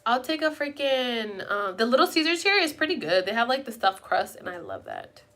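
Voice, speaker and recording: A young woman talks casually to her live viewers from home. Her voice is bright and sits a little high. She rambles from one thought to the next and swears offhandedly. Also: big pitch swings, normal speed. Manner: rambling, chatty, casually profane. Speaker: live streamer chatting with viewers. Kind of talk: casual chat.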